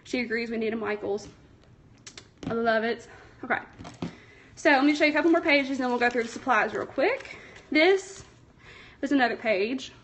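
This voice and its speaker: A woman's voice: a little high, normal speed, pauses often, fairly bright tone, a little hiss or hum. A young woman, chatty and a little nervous, hosting a casual craft livestream from home and answering viewer comments. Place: home, indoors. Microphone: phone.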